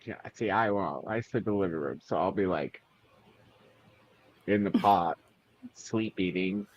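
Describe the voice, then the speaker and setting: A man co-hosting a casual book club livestream, playful and quick to laugh. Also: low voice, lo-fi sound. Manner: playful, laughs often, slips into silly voices. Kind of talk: casual chat.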